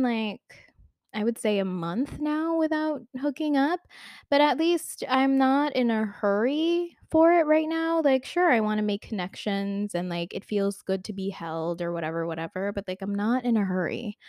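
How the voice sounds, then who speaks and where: A woman's voice: mid-range voice, darkish tone, dry recording, clean studio sound. A young woman talking frankly to the camera in a casual question-and-answer vlog, full of "like" and little laughs. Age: young adult. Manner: chatty, filler-heavy with "like", giggly, frank. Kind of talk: candid casual Q&A monologue.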